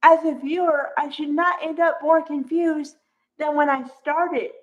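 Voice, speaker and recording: Woman, high voice, unhurried; casual soap recap, exasperated commentary, dull recording. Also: fairly even intonation. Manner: chatty, exasperated, acts out quotes. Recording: dull lo-fi audio.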